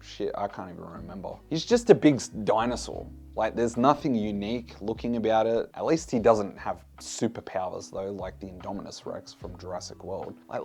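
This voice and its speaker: A man's voice: on the low side, creaky, mellow, breathy edge. A man giving a casual film review in a blunt, exasperated way, swearing freely.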